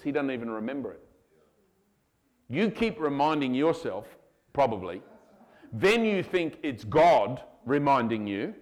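A male pastor preaching a sermon to his congregation, animated and given to acting out voices. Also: mid-range voice. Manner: animated, acts out voices of God and children. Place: church hall.

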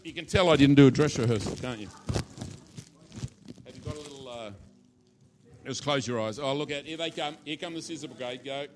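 A man's voice: medium pitch, a little fast, long pauses, background noise. A male pastor preaching a sermon in a church, informal and playful, acting out little scenes as he teaches. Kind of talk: sermon with a live demonstration.

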